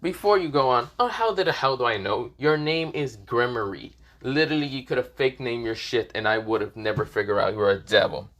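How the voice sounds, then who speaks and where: A man's voice: mid-range voice, a little fast, hardly any pauses, fairly bright tone, natural voice. A man voicing a cocky, fearless young man who is blunt and swears freely. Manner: blunt, profane.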